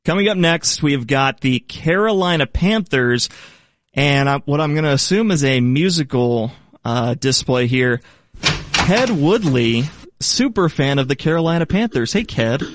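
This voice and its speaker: A man's voice: a little high, expressive, a little slow. A man hosting a sports show segment in a playful, upbeat way. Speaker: host.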